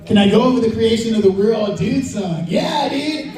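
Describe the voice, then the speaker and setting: High-voiced man telling stories in an echoing hall. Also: moderate pace. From Chicago, United States. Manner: animated, laughing, loud shout-outs. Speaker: panel guest actor. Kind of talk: comic con panel Q&A storytelling. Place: large convention hall. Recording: echoey hall, taped from far off.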